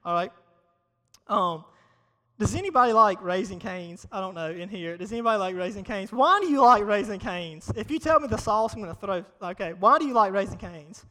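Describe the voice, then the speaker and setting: A man preaches in a big hall, and his voice rings out with long reverb. It sits very high for a man and sounds bright and forceful. He talks to the crowd in a loose, joking way and repeats his lines to drive them home. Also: a little fast. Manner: energetic, conversational, repeats phrases for emphasis. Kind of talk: casual, humorous sermon. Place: large hall before a live audience.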